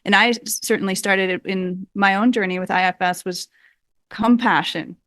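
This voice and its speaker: A woman's voice: mid-range voice, steady tone, moderate pace, a bit bright, dry recording, clean studio sound. A woman hosting a podcast interview, asking thoughtful questions and affirming her guest. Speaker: podcast host. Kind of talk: interview conversation.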